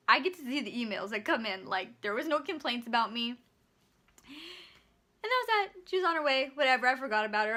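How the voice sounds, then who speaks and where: A young woman in her twenties tells a storytime vlog with a high voice. She is animated and acts out both sides of the scene, and her tone comes across bright and sharp. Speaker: vlogger and store bakery clerk.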